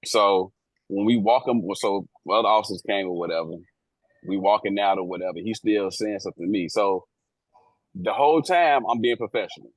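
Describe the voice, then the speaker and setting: A man with a lowish voice tells a story from his work at an airport in loose, profane slang, jumping into the voices of the people involved. His delivery is animated and unfiltered, and the sound is close and dry with no room echo. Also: fairly quick. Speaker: airport police officer and co-host. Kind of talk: casual storytelling.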